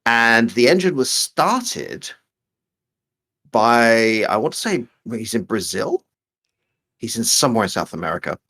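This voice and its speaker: A man's voice: medium pitch, sing-song, measured pace, long pauses, bright, forceful tone. A man co-hosting a casual live stream, reading out viewer questions and joking as he rambles over a call.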